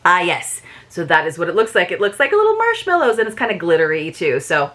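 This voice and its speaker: A woman's voice: fairly low pitch, huge pitch swings, fast talker, a bit bright. Chatty woman reviewing a book box. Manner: chatty, addresses viewers as you guys. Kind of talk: casual unboxing and read-aloud.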